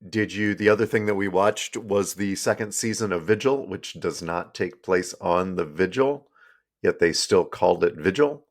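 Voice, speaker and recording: Guy co-hosting a podcast, kinda low voice, easygoing and jokey. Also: moderate pace. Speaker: podcast co-host. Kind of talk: casual chat.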